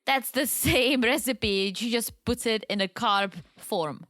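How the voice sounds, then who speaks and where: Czech woman chatting on a podcast, lively and emphatic, dry close mic. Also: fairly high pitch, slow pace, dry recording. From Czech Republic. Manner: lively, emphatic, laughs often. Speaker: podcast co-host. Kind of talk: casual chat.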